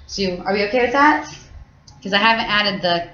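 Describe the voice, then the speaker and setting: A woman's voice: medium pitch, expressive, normal speed, bright, forceful tone, a little hiss or hum. A woman teacher explaining grammar to her class in a casual, chatty way, full of fillers and restarts. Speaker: French teacher. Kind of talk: classroom lesson. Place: high school classroom. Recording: echoey classroom, dull lo-fi sound.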